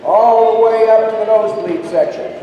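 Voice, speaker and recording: A man's voice: high-pitched, normal speed, dark tone, dull audio. A man performing folk music for students, playfully coaxing the audience to answer back, his voice a bit ragged from long singing. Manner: playful, coaxes audience call-and-response. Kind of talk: school assembly performance talk. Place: large indoor auditorium with tiered seats. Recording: roomy echoey hall from far off.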